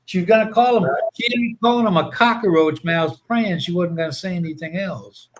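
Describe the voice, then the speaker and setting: A man's voice: high-pitched, a little fast, a little hiss or hum, low-quality recording. A man hosting a casual show, rambling through profane anecdotes full of fillers.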